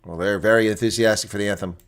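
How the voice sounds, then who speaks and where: A man's voice: lowish voice, steady tone, fast talker. A man hosting live rugby reaction commentary, reading out team lineups and chatting bluntly with viewers. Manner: chatty, blunt, exclaims often.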